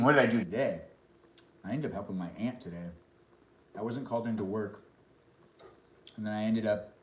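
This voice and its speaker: A man's voice: lowish voice, a little mellow, echoey room. A man chatting casually on a live stream while eating dinner, reading and answering chat comments between bites. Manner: talks between bites of food.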